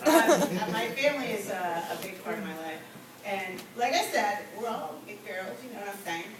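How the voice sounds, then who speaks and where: A woman's voice: medium pitch, moderate pace, a loud crowd. Middle-aged woman doing stand-up, echoey and distant. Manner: chatty storytelling, deadpan asides. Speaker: stand-up comedian. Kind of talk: stand-up comedy set. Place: comedy venue with live audience. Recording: echoey distant amateur room recording.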